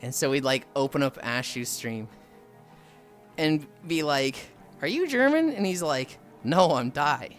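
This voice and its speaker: A woman streamer chatting casually with friends and her chat, telling stories with lively quoted voices. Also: very deep voice, measured pace, soft background music. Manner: animated storytelling, acts out quoted people.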